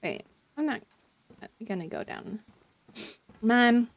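A woman's voice: a little high, animated, slow. A young woman streaming a game, reacting with emotion and rambling with many fillers. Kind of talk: live game commentary.

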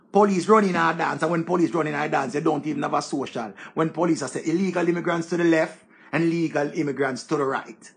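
An online commentator with a Jamaican accent rants at his viewers, scolding them heatedly and swearing freely. His voice is a little high, with vocal fry, and he talks fast.

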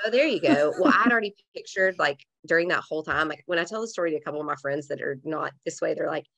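A woman with a notably low, deep speaking voice shares a painful personal story as a podcast guest. She talks candidly and emotionally, in a loose conversational way, filling her sentences with "like.". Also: fast talker, gravelly, fairly bright tone. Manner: candid, emotional, many fillers like "like".

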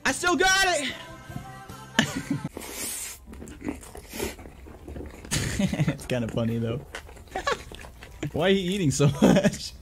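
A man's voice: sits high, wildly swooping pitch, a little slow, pauses often, over loud music. Young man laughing through a reaction video. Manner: laughs constantly, loose and joking. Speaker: youtuber reacting to clips. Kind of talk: casual reaction commentary.

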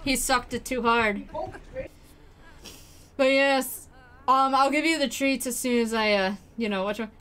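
A woman streaming a game from home, excitable, swearing and laughing as she plays. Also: fairly high pitch, unhurried, pauses often, smooth. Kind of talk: live game commentary.

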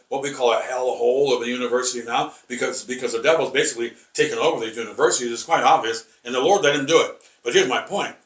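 A man teaching a rambling Bible lesson, halting and repeating words with many fillers, emphatic and combative. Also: mid-range voice, a bit bright. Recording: echoey room, voice from far off.

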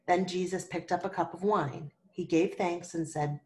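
A woman teaching a Sunday school lesson, telling a Bible story to children and gently asking them questions along the way. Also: on the low side, steady tone, normal speed, hardly any pauses.

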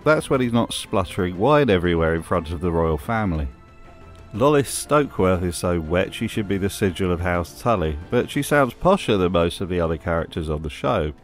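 A British man narrates a commentary video in a lowish voice, dry and mocking. Music plays faintly behind him. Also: lively intonation, brisk. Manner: wry, mocking asides. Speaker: video essay host. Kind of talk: scripted commentary.

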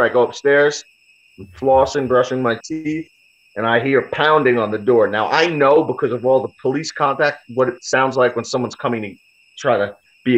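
A man's voice: medium pitch, a bit bright. A man in his ordinary middle register tells his side of a story as a podcast guest, casual and blunt and swearing freely. The recording is a little dull and lo-fi. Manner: blunt and heavily profane. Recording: slightly dull lo-fi audio.

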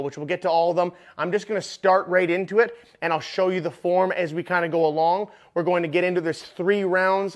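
A man working as a fitness trainer, counting reps aloud and giving upbeat, encouraging cues while he exercises along. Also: high-pitched. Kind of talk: workout coaching.

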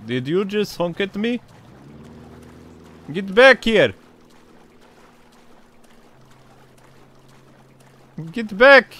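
A man's voice: on the high side, sing-song, unhurried. A gaming streamer putting on an exaggerated Russian accent for a goofy male tough guy, talking in broken grammar. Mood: yelling playful. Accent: Russian, put on and exaggerated. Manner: broken grammar, loud playful yelling.

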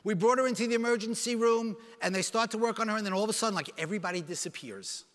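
A man giving a keynote speech, telling a dramatic personal story in an animated way and acting out the dialogue. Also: sits high. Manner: animated, acts out dialogue with quick voice changes. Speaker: keynote speaker. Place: large conference hall. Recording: reverberant conference hall sound.

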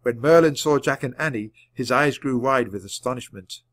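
A man reading a children's book aloud at a clear, measured pace. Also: medium pitch, fairly bright tone, no room sound. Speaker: storybook reader.

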